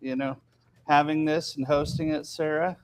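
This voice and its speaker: A man's voice: a little high, flat delivery. A man gives courteous wrap-up remarks on a live debate stream. He hesitates often and searches for his words. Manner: halting, polite, hesitant. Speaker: panelist.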